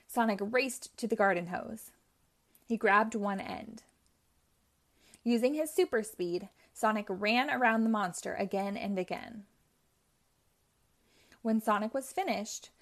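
A woman reading a chapter book aloud for children in a clear, steady storytelling manner. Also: mid-range voice. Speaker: storybook reader. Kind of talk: children's read-aloud narration.

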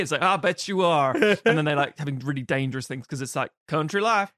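Podcast co-host, male, lively film-chat delivery, slightly high voice, dry close mic. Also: quick pace, hardly any pauses, no room sound. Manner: animated, recounts scenes acting out quotes and laughing.

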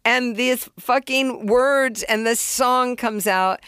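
A middle-aged woman telling stories in a casual interview, candid and animated, swearing freely and acting out beats and sounds. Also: fairly high pitch, slow, clear, resonant tone, no echo, clean studio sound. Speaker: songwriter and producer, interview guest.

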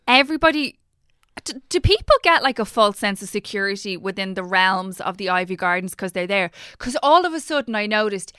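A woman's voice: medium pitch, lively intonation, fairly quick, bright, forceful tone, clear, resonant tone, no room sound, studio quality. A woman co-hosting a podcast, chatting in a rambling, teasing way. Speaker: podcast co-host. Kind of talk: casual podcast chat.

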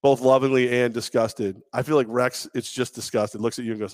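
A man's voice: medium pitch, fairly even intonation, fairly quick, no echo. A man co-hosting a sports talk show in a studio, chatting casually with jokes and rambling asides on a headset mic. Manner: jokey, rambling, bursts into loud mocking impressions.

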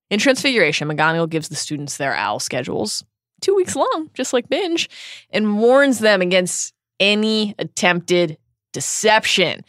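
A woman co-hosting a podcast, recapping chapters in a lively scripted style with playful asides. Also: mid-range voice, dry recording, studio quality. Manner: lively, expressive storyteller voicing quotes. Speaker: podcast co-host.

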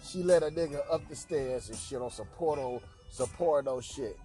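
A man's voice: mid-range voice, normal speed, mellow, faint music behind. A man hosting a podcast, telling a crude anecdote in a profane, slangy way with lots of repeated filler tags. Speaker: podcast host.

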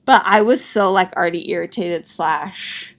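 Chatty mom telling a story. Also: female voice, lowish voice, normal speed. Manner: chatty storytelling, laughs often. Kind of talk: casual chat.

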